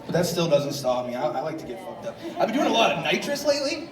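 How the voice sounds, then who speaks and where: A man performing a stand-up comedy set, telling rambling stories in a deadpan way with sudden loud outbursts. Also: a little high, quick pace, far from the mic. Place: comedy club stage. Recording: echoey club from afar, loud crowd laughter and noise.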